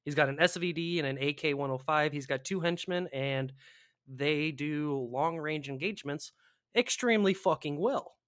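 Animated profane man, dry close mic. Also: a little high, normal speed, no echo. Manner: animated, profane, mimics panicked players. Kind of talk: casual gaming chat.

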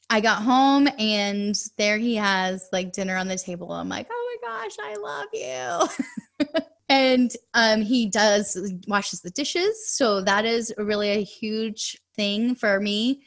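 Appearing on a podcast interview, a woman in her thirties who works as a money coach speaks at a medium pitch. Her storytelling is peppered with quick asides.

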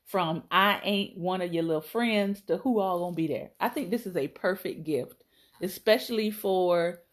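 A woman podcast host reading entries from a phrase book aloud on a live stream, laughing and adding chatty asides to her viewers. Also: fairly low pitch.

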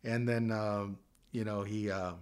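A man's voice: lowish voice, a little slow, clear, resonant tone. A man in his fifties from Southern California, a guest telling stories casually and acting out the dialogue. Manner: animated, acts out dialogue in changing voices. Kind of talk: casual storytelling.

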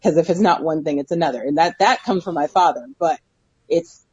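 A woman's voice: deep voice, brisk, darkish tone, breathy edge, dry recording, lo-fi sound. A woman co-hosting a casual talk show, chatting candidly, telling stories and laughing easily. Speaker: podcast co-host. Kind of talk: casual chat.

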